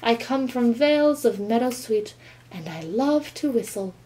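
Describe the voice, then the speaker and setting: A woman doing a soft, polite little songbird. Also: a little high, animated, unhurried, rough recording. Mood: gentle. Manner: soft and musical. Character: gentle, polite little hen bird.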